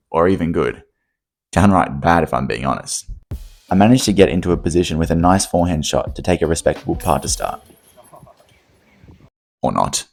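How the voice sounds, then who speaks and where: A man's voice: sits low, darkish tone, slight background noise. An Australian man narrating his own vlog in a scripted voice-over, wry and self-deprecating. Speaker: vlogger narrating.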